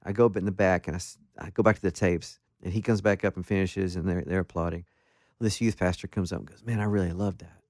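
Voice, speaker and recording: Guest, male, deep voice, dry close sound, animated self-deprecating storyteller in a casual interview. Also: fast talker, no echo. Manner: animated, self-deprecating anecdotes with many restarts. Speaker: guest musician.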